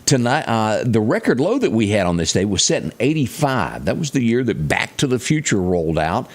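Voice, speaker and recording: Southern weather guy from mississippi, lowish voice that bounces all over, chatty and folksy. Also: big pitch swings, fairly quick. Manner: chatty, folksy asides to viewers. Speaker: weather presenter. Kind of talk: folksy local weather report.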